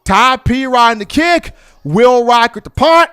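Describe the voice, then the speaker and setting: Animated man on college football. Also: very high voice, unhurried, clean tone, faint music behind. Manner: animated storyteller, colloquial. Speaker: sports commentator. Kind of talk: casual sports commentary.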